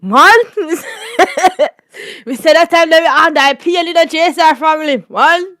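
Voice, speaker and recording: A woman with a Jamaican accent hosting a casual storytime chat, animated and laughing often. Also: extremely high pitch, fast, no echo, studio quality. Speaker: channel host.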